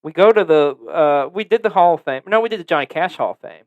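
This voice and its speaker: A man's voice: a little high, animated, fast talker, a little mellow, dull audio. A man hosting a podcast, telling a story in a casual, profane, joking way. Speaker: podcast host.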